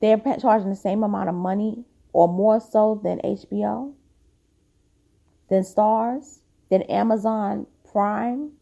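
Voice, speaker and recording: A woman's voice: medium pitch, steady tone, takes it slowly, creaky, warm tone, highs cut off. A woman hosting her own podcast, giving blunt, chatty opinions full of "like" fillers, sounding tired. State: tired, yawning. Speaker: podcast host. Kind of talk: casual opinion commentary.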